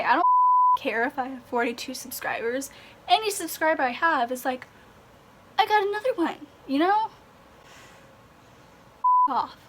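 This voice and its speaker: A woman's voice: high voice, very noisy. A young woman ranting in a vlog, exasperated and sarcastic, sighing and swearing. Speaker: vlogger.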